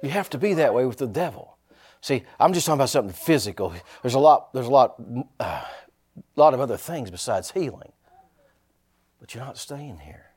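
Husky and medium-pitched, this preacher moves at a brisk clip through an animated sermon. He repeats phrases for emphasis, trades call-and-response with his congregation, and tosses in homespun jokes.

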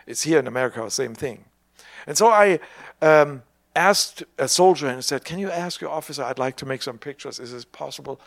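A man's voice: fairly high pitch, expressive, fairly quick, creaky, dry recording, clean studio sound. An older man preaching a sermon as a personal story. He talks conversationally, with hesitant restarts, and acts out the dialogue he retells.

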